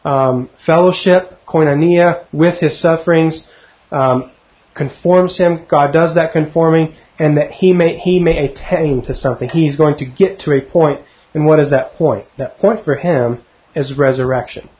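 A man's voice: on the high side, moderate pace. A middle-aged man teaching verse by verse through a Bible passage, conversational and often putting questions to his listeners. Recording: dull lo-fi recording.

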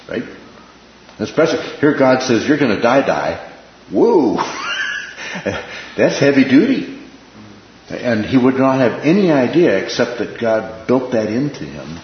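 A man's voice: on the low side, a little hiss or hum. A man leading an informal Bible class, talking conversationally, repeating phrases and checking in with "right?". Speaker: Bible study teacher. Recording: echoey room, dull lo-fi sound.

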